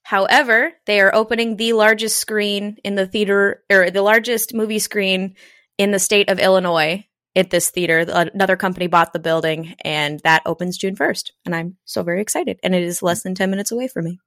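Bubbly excitable woman. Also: mid-range voice, fairly quick, no room sound, studio quality. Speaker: podcast co-host. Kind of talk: casual chat.

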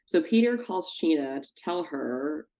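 Woman, podcast co-host, casual recap, profane, animated, lowish voice. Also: unhurried. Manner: animated, profane, mimics people she talks about.

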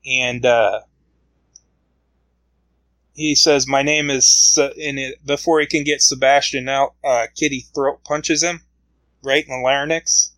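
Slow-talking man recapping a comic. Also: medium pitch, steady tone, fairly bright tone, no room sound, rough recording. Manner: rambling retelling with many fillers. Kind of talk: casual comic book recap.

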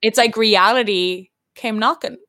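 A woman's voice: a little high, unhurried, fairly bright tone, no echo, studio quality. A young woman co-hosting a podcast in casual chat, telling stories animatedly with swearing and laughter. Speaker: podcast co-host.

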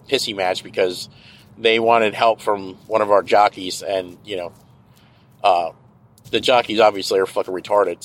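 A man's voice: fairly low pitch, poor audio. Profane ranting man. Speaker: podcast host. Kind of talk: casual rambling monologue. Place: car, driving.

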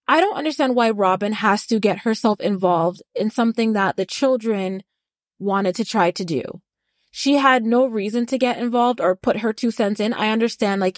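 A woman's voice: medium pitch, no echo. Fired-up woman ranting, close and dry. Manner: blunt, heated, swears freely. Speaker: podcast co-host. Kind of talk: casual reality-TV recap rant.

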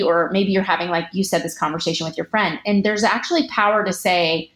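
A woman physician and public speaker, a guest in an interview, giving earnest, animated advice and acting out quoted lines. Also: medium pitch, fast talker, hardly any pauses. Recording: roomy echo.

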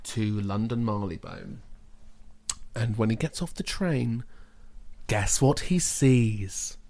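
A man's voice: mid-range voice, animated, takes it slowly, darkish tone. A man improvising a comedy story with a co-host, playful and laughing often.

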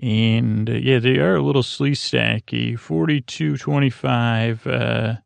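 Gravelly, flat-voiced man rambling to lull listeners. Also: medium pitch, slow pace, dry recording. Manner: meandering, drowsy, filler-heavy retelling. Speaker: podcast host. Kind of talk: rambling sleep podcast episode recap.

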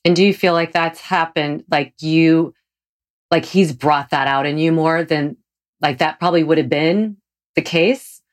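Woman, forties, low voice, effusive, gushing, casual interview host. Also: measured pace. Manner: effusive, gushing, with pitch leaps. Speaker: podcast host.

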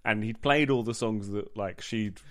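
A man, a comedian and musician, chatting casually as a podcast guest and acting out voices in his anecdotes. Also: normal speed. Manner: animated anecdote-teller, acts out voices with big pitch jumps. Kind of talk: casual chat.

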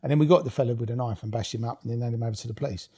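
A man's voice: mid-range voice, very fast, warm tone, breathy edge. A man, telling blunt, swear-filled stories as an interview guest, laughing as he goes. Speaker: guest, former rave promoter. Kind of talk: casual storytelling interview.

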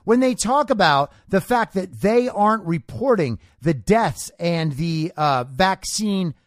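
Give me a male podcast host delivering a political commentary monologue. He has a high voice that swings widely in pitch. He lectures in a combative way and keeps punching lines with "okay?". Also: animated, takes it slowly, no room sound, studio quality.

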